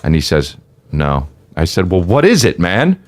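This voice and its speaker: A man's voice: low voice, moderate pace. A man telling a comedic story in casual chat, swearing and voicing the people in it. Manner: animated, voices characters in his story, swears freely. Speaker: comedian guest.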